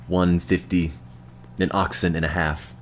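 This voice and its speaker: An American man streaming a game, chatting to his viewers in a deadpan, self-mocking way. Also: deep voice, a little slow, slight background noise. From United States. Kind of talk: casual gameplay commentary to chat.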